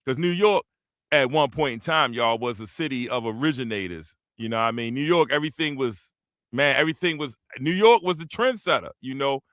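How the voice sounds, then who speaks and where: A man in his fifties from the Washington, D.C. area, telling stories in a casual panel chat, animated and slang-heavy. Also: medium pitch, fairly quick, no echo, studio quality. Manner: animated storyteller, slang-heavy, acts out quotes. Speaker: panel host.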